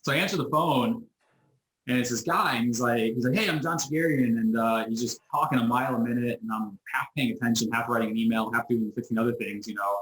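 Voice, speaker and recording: This fast-talking American business owner is a guest on a casual storytelling interview, heard through a video call with a roomy echo. His medium-pitched voice is animated as he acts out quoted voices, and he frequently starts sentences over.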